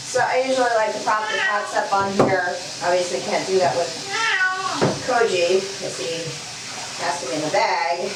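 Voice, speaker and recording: While bathing her cats in the home tub, a woman chats casually to her camera for a vlog and soothes the animals as she goes. Her mid-range voice moves at a moderate pace, picked up by a distant mic in an echoey bathroom with running water and a noisy background.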